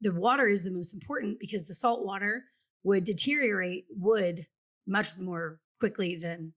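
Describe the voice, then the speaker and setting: A woman real estate agent co-hosting a casual chat, talking in an animated, storytelling way and acting out the quotes she tells. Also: mid-range voice, moderate pace. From Kansas City area. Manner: chatty and animated, acts out quotes.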